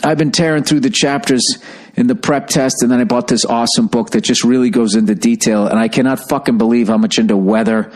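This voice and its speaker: Middle-aged male podcast host, low-ish voice, rambling and profane, enthusiastic solo monologue. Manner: rambling, swears freely, excitable and enthusiastic.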